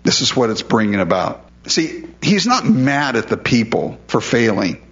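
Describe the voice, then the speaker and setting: A man's voice: medium pitch, big pitch swings, moderate pace, fairly bright tone. A conversational male pastor, slightly muffled. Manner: conversational, repeats words when emphatic. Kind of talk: sermon.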